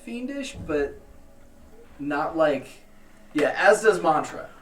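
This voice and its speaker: A man narrating as game master, halting with many ums and restarts, recorded on a distant mic with faint noise. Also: a little high, very animated, a bit bright, roomy sound. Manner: hesitant, full of ums and restarts.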